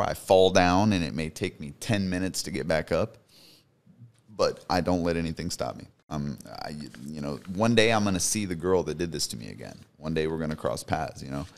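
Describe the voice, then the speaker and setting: Low-voiced man in his thirties. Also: vocal fry. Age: 30s. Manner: earnest, emphatic, repeats for stress. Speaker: guest. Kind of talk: personal storytelling in a podcast interview.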